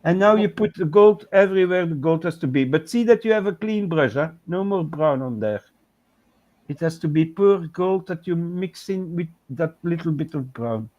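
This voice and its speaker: A man's voice: a little high, expressive, normal speed, a little mellow, lo-fi sound. A man co-hosting a casual livestream, patiently talking someone through painting step by step. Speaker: co-host of a painting chat show. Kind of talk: casual livestream chat while coaching painting.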